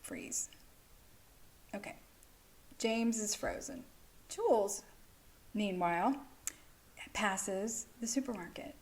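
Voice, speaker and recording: A woman's voice: medium pitch, slow pace, long pauses. A woman in a casual vlog, explaining mental health ideas through a story. She is frank, swears freely and keeps checking in with "okay?" and "like".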